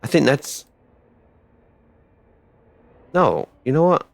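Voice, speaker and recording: A man chats loosely while streaming a space game, his voice swinging up and down with animation. He rambles between topics and breaks into loud excited outbursts. The sound is dry and close, with no room around it. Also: a little high, slow pace, vocal fry, dry recording. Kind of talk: casual live-stream chat while gaming.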